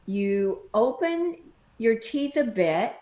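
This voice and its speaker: A woman's voice: a little high, expressive, takes it slowly, mellow, low-quality recording. Woman voice coach explaining technique. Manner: explanatory, demonstrates vocal exercises. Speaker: voice coach guest. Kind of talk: interview answers.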